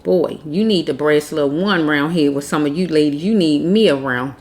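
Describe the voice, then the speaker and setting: A woman's voice: deep voice, normal speed, a little mellow. A woman giving a casual tarot reading, blunt and preachy, repeating herself as she scolds. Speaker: tarot reader.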